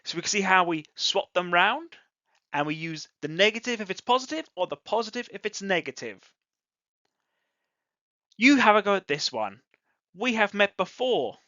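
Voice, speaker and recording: An English teacher giving a scripted online grammar lesson, deliberately acting out example sentences with exaggerated rising and falling intonation. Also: mid-range voice, big pitch swings, pushed and bright, no room sound. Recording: dull lo-fi audio, dry close sound.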